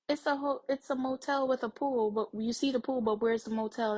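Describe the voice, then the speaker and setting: A woman's voice: sits high, steady tone, brisk, hardly any pauses, a little mellow, low-quality recording. A young adult woman hosting a TV reaction video, chatting casually to her viewers and thinking aloud with plenty of fillers.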